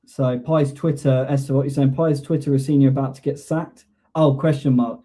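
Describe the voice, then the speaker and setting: Guy hosting a fan stream, mellow warm voice, laid back, reading comments off chat. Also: medium pitch, steady tone, normal speed. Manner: easygoing, reads out viewer comments. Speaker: host of a fan show. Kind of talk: casual live-stream chat.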